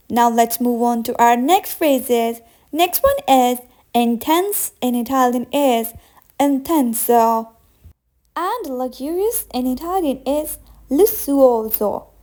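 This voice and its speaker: A young woman teaching a vocabulary lesson, saying each word slowly and carefully and repeating it. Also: high-pitched, a little mellow. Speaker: language teacher. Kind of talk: vocabulary lesson with slow repetition.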